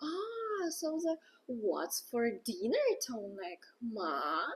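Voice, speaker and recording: A curious female language student full of jokey questions, as a woman plays her in a lesson skit. Her voice sits fairly high and leaps all over the place. A soft, breathy tone runs through it. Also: wildly swooping pitch, slow, full character voice. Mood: eager, playful.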